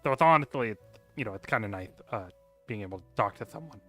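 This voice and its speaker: A man's voice: fairly low pitch, expressive, fast talker, sharp tone, soft background music, voice pushed down. A man voicing a lonely, rude male kobold who lives in a burrow, switching between brusque snapping and awkward stammering. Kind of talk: tabletop role-play voice.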